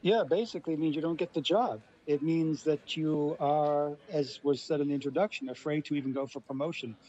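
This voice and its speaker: La-raised guy on a radio panel, mellow voice, bit muffled and lo-fi. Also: a little high, brisk. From Los Angeles. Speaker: guest linguist.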